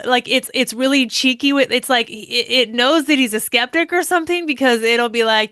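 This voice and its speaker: A woman co-hosting a podcast in casual chat, talking in quick bursts with many fillers and restarts. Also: on the high side, steady tone, sharp tone, clear, resonant tone, no echo, clean studio sound. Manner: chatty, many fillers and restarts, laughs often. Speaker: podcast co-host.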